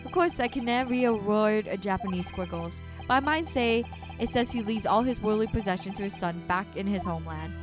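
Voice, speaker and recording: A woman doing a gruff Scottish-brogue prison guard, blunt and dismissive with anyone who pesters him. His voice sits at an ordinary middle pitch, and background music plays under it. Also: expressive, brisk, close to an everyday voice. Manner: broad put-on brogue, dismissive.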